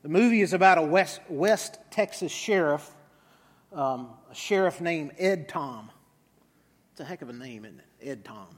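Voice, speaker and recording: Male pastor, sermon, conversational storyteller, very slow, long church-hall echo. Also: on the high side, expressive. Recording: reverberant hall.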